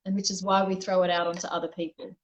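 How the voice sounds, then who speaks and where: A woman's voice: lowish voice, flat delivery, fast talker, low-quality recording. A woman being interviewed as a guest, telling a personal story in a candid, reflective way and often restarting her sentences. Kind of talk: conversational interview.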